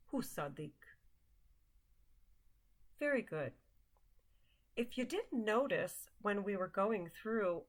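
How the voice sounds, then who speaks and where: A woman teaching a language lesson, saying each word slowly and repeating it carefully for learners before explaining. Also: medium pitch. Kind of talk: slow, deliberate language drill with explanations.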